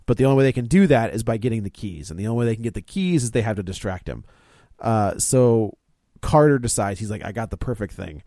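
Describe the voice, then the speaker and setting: A man co-hosting a podcast, recapping a movie in a casual chat, with halting restarts and laughing asides. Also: medium pitch, expressive, warm tone, no echo, clean studio sound. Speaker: podcast co-host.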